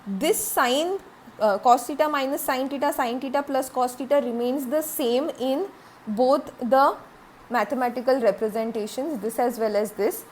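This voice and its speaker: A woman's voice: a little high, a little hiss or hum. A woman giving a recorded classroom lecture, explaining step by step, repeating points, with frequent "okay" and "uh".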